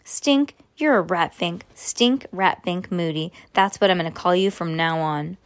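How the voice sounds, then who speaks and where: A woman's voice: on the low side, a little slow. Woman reader doing a dramatic, sulky young girl, light and whiny. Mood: grumpy. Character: girl, grumpy and dramatic, schoolchild.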